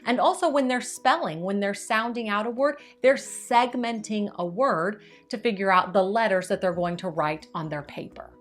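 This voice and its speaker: Woman, clear upbeat teacher voice, slows to sound out words, soft music underneath. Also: mid-range voice. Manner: clear, upbeat teacherly delivery with slow demonstrative stretching of words. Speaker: teacher giving tips to parents. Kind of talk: instructional video.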